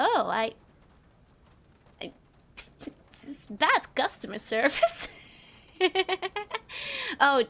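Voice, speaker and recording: Giggly high-voiced woman streamer. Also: a bit bright. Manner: giggly, laughs often, chatty. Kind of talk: casual let's-play commentary.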